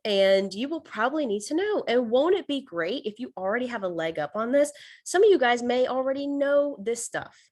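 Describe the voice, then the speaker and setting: A woman's voice: a little high, lively intonation, normal speed, darkish tone. A woman giving a casual livestream lesson as the instructor, chatty and upbeat, with frequent ums and uhs. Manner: chatty and upbeat, with many fillers. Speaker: instructor of a live online class.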